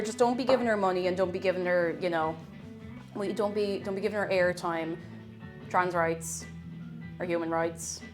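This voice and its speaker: A young Irish woman chatting casually with viewers, reading chat aloud and thanking them as she bakes. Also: medium pitch. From Ireland. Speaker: streamer. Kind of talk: casual live-stream chat while baking. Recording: faint music behind the voice. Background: faint background music.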